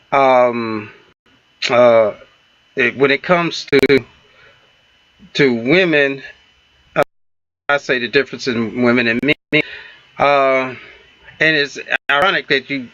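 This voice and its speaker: A man co-hosting an unscripted talk show, speaking haltingly with many fillers and restarts. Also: mid-range voice, sharp tone, no echo, dull audio.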